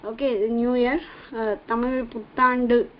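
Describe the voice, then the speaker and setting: A woman's voice: on the high side, flat delivery, normal speed, a little hiss or hum. A woman teaching a Tamil reading lesson online, patiently sounding out words syllable by syllable. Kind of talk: slow online language lesson. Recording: dull lo-fi online class audio.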